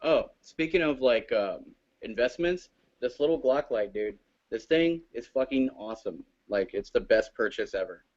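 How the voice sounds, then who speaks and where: Laid-back man, mellow voice, lo-fi. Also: medium pitch, animated, moderate pace. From Arizona. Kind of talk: casual chat. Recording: dull lo-fi stream audio.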